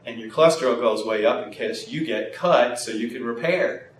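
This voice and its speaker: A man being interviewed as a health practitioner, explaining in an animated way and acting out bits of dialogue. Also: mid-range voice, moderate pace. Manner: animated, acts out quoted dialogue. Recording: echoey room, mic at a distance, faint noise.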